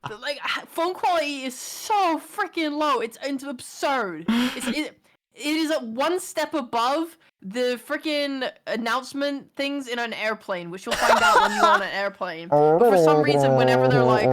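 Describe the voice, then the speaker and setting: A woman talking to her stream chat from home, her pitch swinging widely as she speaks. She is expressive and ranting, with plenty of casual swearing. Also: normal speed.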